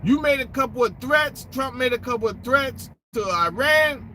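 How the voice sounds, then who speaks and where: A man's voice: very high-pitched, lively intonation, normal speed, sharp tone, slight background noise. A man ranting in casual commentary, profane and sarcastic, full of street slang, rambling with restarts and asides. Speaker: political commentator.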